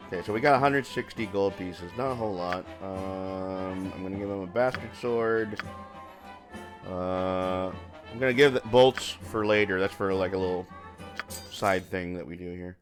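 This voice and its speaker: A man's voice: low voice, normal speed. A man streaming a video game, chatting casually in a rambling, filler-heavy way. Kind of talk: casual gaming stream chat. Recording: faint game music behind.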